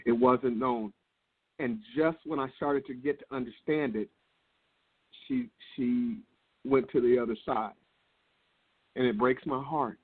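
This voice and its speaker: Earnest, laid-back male guest with a husky tone, heard over a thin phone line. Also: mid-range voice, fairly even intonation, a little slow, long pauses. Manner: laid-back, earnest, circles back on his words. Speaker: guest speaker. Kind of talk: business call interview.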